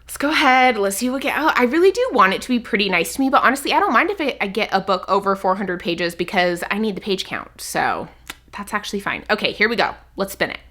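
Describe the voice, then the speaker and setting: A woman book vlogger chatting casually to her viewers, excitable and nervous, with quick giggles. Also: mid-range voice. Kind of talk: casual vlog chat to camera.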